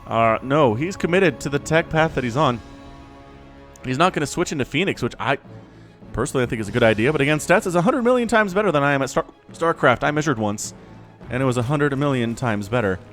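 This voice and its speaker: A man casting a strategy video game match on his own, excitable and chatty, laughing often and fighting the hiccups. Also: medium pitch, quick pace, faint music behind. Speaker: game commentator. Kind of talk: solo esports play-by-play commentary.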